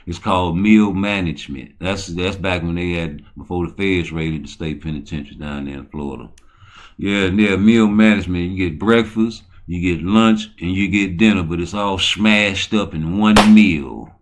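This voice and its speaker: A man with a low-set voice hosts his own livestream, rambling loosely from one thing to the next. He is profane and boisterous, dropping into low mutters and then surging into loud, excited bursts. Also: moderate pace. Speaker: channel host.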